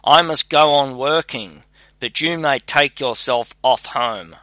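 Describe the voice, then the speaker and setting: A man's voice: medium pitch, slow pace, pushed and bright, no echo. A man reading a scolding old woodcutter father. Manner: scolding, exasperated storybook reading. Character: grumbling old woodcutter father, quick to anger.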